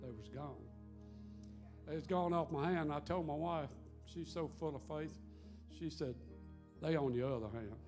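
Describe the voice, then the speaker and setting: A man's voice: a little high, measured pace, a little mellow, soft background music. A man telling a homespun testimony before leading communion in a church. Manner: homespun storytelling. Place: church sanctuary.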